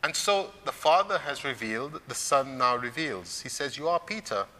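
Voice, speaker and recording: A man delivers a sermon in a church. His voice is bright and forceful, and he preaches in a measured way, lifting it for emphasis. Long reverb trails behind each phrase. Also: medium pitch, lively intonation. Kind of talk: sermon on scripture.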